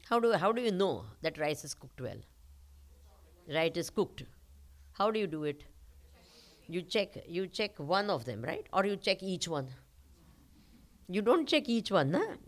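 A spiritual teacher with an Indian accent giving a talk to a live audience, asking rhetorical questions and pausing for the answers. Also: female voice, medium pitch. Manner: questioning, rhetorical, uses call-and-response.

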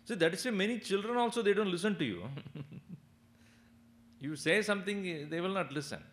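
A man's voice: high-pitched, brisk. A man giving a spiritual discourse, telling stories, chuckling and asking his listeners questions. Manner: animated, chuckling, asks the audience questions. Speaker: spiritual teacher. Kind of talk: discourse with storytelling.

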